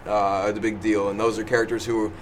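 A man with a lowish voice, musing through ideas in a relaxed podcast chat. He hesitates and restarts, leaning on fillers. Faint fan noise is heard behind him. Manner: hesitant, halting, fills pauses with um and laughs. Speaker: podcast host. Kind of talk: casual podcast discussion. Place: small indoor room with a noisy fan.

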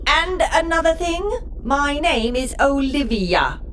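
A woman's voice: sits high, very animated, slow, fairly bright tone, a little hiss or hum, exaggerated voice. Olivia, a cheeky computer voiced by a woman. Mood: indignant. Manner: cheeky and indignant, talks back. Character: sarcastic, stubborn female submarine computer. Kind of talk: comedic radio play acting.

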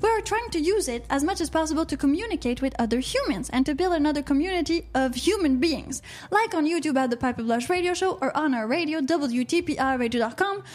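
A woman's voice: sits high, animated, fast, hardly any pauses. A woman co-hosting a call-in radio talk show, chatting casually and reading out live chat comments.

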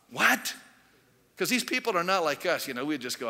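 A pastor with a high, bright, forceful voice delivers a sermon in a chatty way, full of rhetorical questions. A long reverb trails each phrase, as in a large sanctuary. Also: male voice, very animated, normal speed, vocal fry. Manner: conversational preaching with rhetorical questions.

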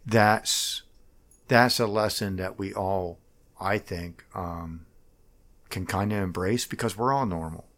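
A middle-aged man talking about himself as a political candidate in a casual interview, halting and rambling with frequent restarts. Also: deep voice, fairly bright tone.

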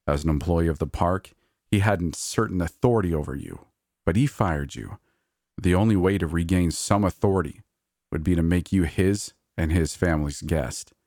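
A man voicing a sly, scheming male creature in a horror story, speaking slowly and mockingly. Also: sits low, animated, darkish tone, no room sound, studio quality. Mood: smug, scheming. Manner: slow, deliberate, mocking. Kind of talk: horror audiobook reading.

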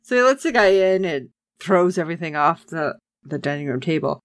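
A woman's voice: low voice, animated, brisk, no echo, clean studio sound. A woman chatting casually as a podcast co-host, recapping a TV episode with sarcasm and acting out the characters' lines.

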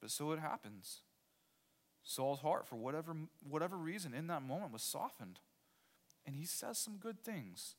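A man's voice: on the high side, sing-song, moderate pace. A man preaching a sermon as pastor, emphatic, repeating key phrases and putting rhetorical questions to his listeners.

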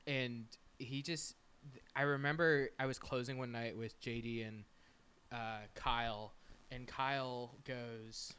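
A young podcast host with a very bright, ringing voice and a smooth, crisp tone. He tells long, rambling stories full of swearing and quick impressions of coworkers, in a loose, casual chat. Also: medium pitch, steady tone.

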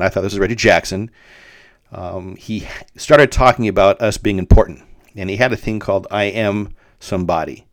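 A man's voice: fairly low pitch, dry recording, studio quality. A middle-aged man hosting his podcast, telling a personal story in a rambling way with many fillers and restarts. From Denver, Colorado. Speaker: podcast host. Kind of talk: casual storytelling monologue.

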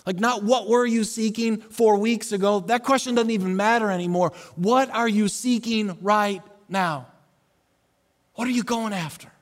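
A man preaching a sermon as pastor, with dynamic delivery that swings between loud urging and soft, hushed passages. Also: sits high, moderate pace, big-room sound.

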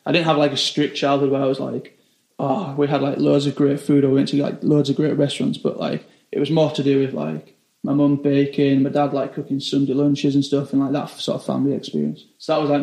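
A young British chef telling stories in a casual interview, rambling and filling every phrase with "like". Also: male voice, mid-range voice, vocal fry, warm tone, echoey room. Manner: rambling, says 'like' constantly.

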